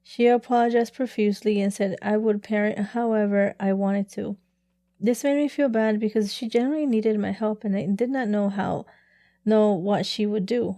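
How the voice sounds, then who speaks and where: A woman's voice: mid-range voice, mellow, no echo. A woman co-hosting a podcast, reading stories aloud and chatting casually, laughing often. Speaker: podcast co-host.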